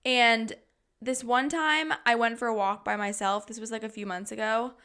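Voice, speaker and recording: A woman's voice: a little high, steady tone, moderate pace, a bit bright, smooth. A woman in her twenties co-hosting a podcast, talking candidly and laughing often in casual chat. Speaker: podcast co-host.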